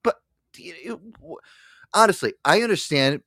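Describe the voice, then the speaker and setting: A man's voice: high voice, expressive, moderate pace, pushed and bright, dry recording. A man hosting a radio talk show, chatting casually, rambling and swearing with frequent laughs. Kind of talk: casual chat.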